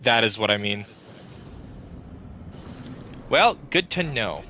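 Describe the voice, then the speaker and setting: A man's voice: lowish voice, slow pace, slight background noise. A man chatting casually and cracking jokes while playing a co-op game with friends, swearing freely. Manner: joking, animated, swears casually. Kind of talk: casual gaming chat.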